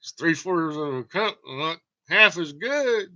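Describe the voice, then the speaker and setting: A man putting on the voice of an old German-accented male physicist, lecturing slowly and pompously. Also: on the high side, lively intonation, bright, forceful tone, dry recording, dull audio, pitched above the performer's own voice, full character voice.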